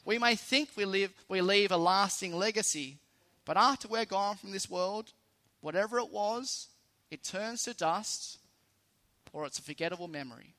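A man's voice: high-pitched, sharp tone. A man with an Australian accent preaching a sermon in a conversational, lightly humorous way, stressing key phrases.

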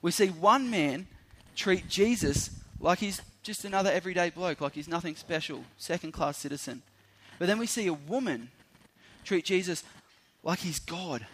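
A young man, preaching a sermon that opens with a lively story in which he acts out the people involved. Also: on the high side. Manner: animated storyteller, acting out voices.

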